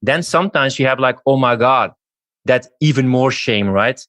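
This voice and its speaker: Male podcast interviewer, mid pitch, thoughtful and explanatory, dry recording. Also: normal speed, fairly bright tone, dry recording. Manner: reflective, explaining. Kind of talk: casual podcast chat.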